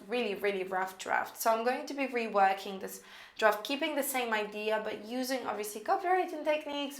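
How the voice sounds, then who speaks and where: A woman teaching copywriting in a casual, chatty way, thinking out loud with lots of fillers as she walks through an email draft. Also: mid-range voice, roomy sound. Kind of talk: casual screen-recorded lesson.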